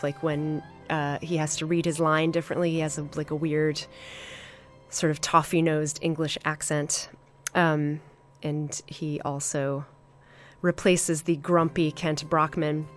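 A deep-voiced woman hosts a podcast, reviewing an episode casually and enthusiastically, with plenty of fillers and pauses.

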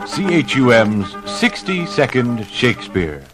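A man's voice: mid-range voice, big pitch swings, unhurried, loud music behind the voice. A man making a station announcement on old radio.

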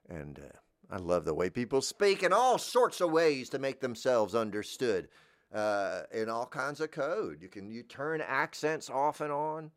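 A middle-aged man with a Southern American accent rambles through a comic monologue in a deadpan, wandering way. His voice sits low, and the sound is dry and close, with no room around it. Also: a little slow, no echo. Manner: deadpan, meandering, drifts into goofy voices. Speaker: podcast host.

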